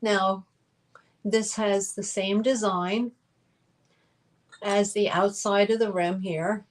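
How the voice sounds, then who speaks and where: A woman's voice: mid-range voice, fairly even intonation, slow, rough recording. A woman hosting a live online sale, chatting as she describes items for auction.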